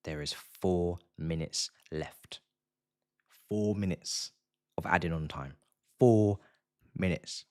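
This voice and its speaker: A young man hosting a live football watchalong stream, slangy and repetitive, swinging from hushed murmurs to excited shouting. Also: low-pitched. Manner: slangy, repeats phrases for effect. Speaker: livestream host of a match watchalong.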